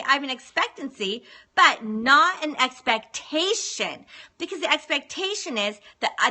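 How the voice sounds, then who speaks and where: Woman, high-pitched and earnest, talking as a relationship counselor on a phone stream with a sharp, ringing tone. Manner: earnest, chatty, repeats words for emphasis. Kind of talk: live-streamed advice talk.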